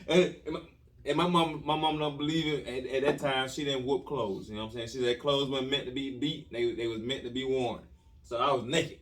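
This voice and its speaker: A man hosting a podcast who tells a comic story in an animated, repetitive way with lots of slang and restarts. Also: mid-range voice, fairly quick, far from the mic. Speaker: podcast host telling a story.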